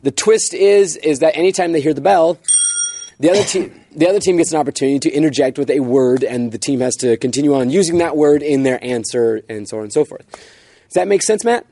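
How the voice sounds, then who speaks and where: A man with a somewhat high voice hosts an improv comedy game, explaining the rules and reading out scene directions. He is upbeat and laughs easily. The sound is dry and close. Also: brisk, warm tone, no echo. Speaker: game show host.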